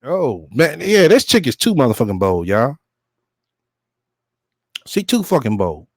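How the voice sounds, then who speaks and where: A man's voice: mid-range voice, sing-song, a little slow, dry recording, clean studio sound. A man hosting a reaction show, blunt, profane and mocking in casual commentary.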